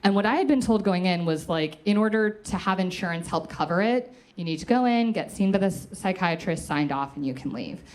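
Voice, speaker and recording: Woman comic storyteller, lowish voice, casual and profane, acts out the people in her story. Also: expressive, a little fast, hardly any pauses, a little mellow. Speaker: comedian and storyteller.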